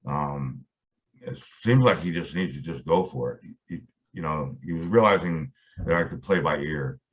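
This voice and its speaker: Middle-aged guy with a real low voice, rambling story full of ums, kinda muffled lo-fi sound. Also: expressive, moderate pace. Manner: rambling, many fillers and restarts. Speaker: guitarist guest. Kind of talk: casual storytelling interview. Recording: dull lo-fi audio.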